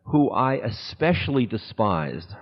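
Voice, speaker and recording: A man's voice: lowish voice, very animated. Male spiritual teacher, candid storytelling talk with laughter; tinny lo-fi recording, long hall echo. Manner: candid, unhurried, breaks into laughter.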